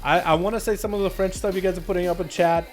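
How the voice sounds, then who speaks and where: An American man with a high, bright voice calls game duels live, quick and excitable, then drifts into loose banter with his viewers. Faint music plays under his voice throughout the stream. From United States. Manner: energetic, chatty, jokey with viewers. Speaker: streamer and duel host. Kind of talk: live game commentary and chat.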